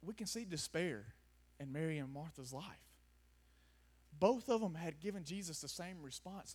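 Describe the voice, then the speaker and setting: Male preacher, high-pitched, passionate sermon delivery that swings from hushed to near-shouting. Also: lively intonation, normal speed, slightly rough. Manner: impassioned, swings between quiet reflection and raised, near-shouted pleading. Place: before a gathered audience in a room.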